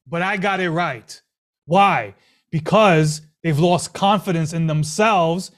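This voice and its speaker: A pastor delivers a lively sermon in a notably high voice. He leans on rhetorical questions and repeats phrases for emphasis as he preaches.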